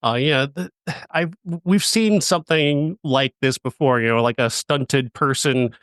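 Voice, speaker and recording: On his movie review podcast, a man with a mid-range, fairly bright voice gushes about a film in a casual review chat. His delivery is enthusiastic but halting, full of fillers and restarts, with no room sound.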